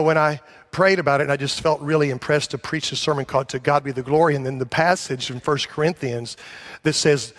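A man preaching a sermon to his church, rambling and self-deprecating, then rising to emphatic calls for a response. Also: mid-range voice. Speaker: pastor. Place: church sanctuary.

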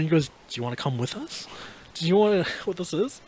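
A young man in his twenties tells a story on a podcast, his voice sitting a bit high and swinging widely in pitch. He laughs often and acts out the other people in his story, and his delivery stays loose and chatty. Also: fairly quick. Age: 20s. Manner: animated, laughs often, acts out both sides of the dialogue. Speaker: podcast co-host. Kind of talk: casual storytelling chat.

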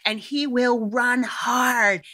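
Bright-voiced woman podcast host. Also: on the high side, very slow. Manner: animated storytelling, swears casually, laughs often. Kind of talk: casual chat.

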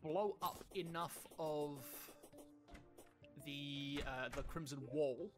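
A let's play host chatting casually and self-mockingly over gameplay, excitable and laughing often. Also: mid-range voice, slow pace, over music.

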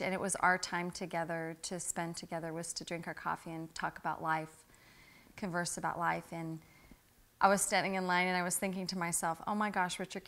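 Earnest middle-aged woman, lowish voice. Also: creaky. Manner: earnest, spiritual, animated when telling stories. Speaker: interview guest. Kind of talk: reflective personal storytelling.

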